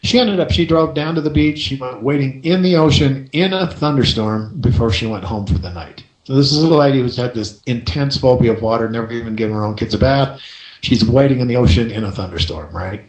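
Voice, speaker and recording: A man's voice: medium pitch, a little fast. Man hosting a coaching radio show, echoey. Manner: lively storyteller, rhetorical "right?" asides. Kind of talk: storytelling radio talk.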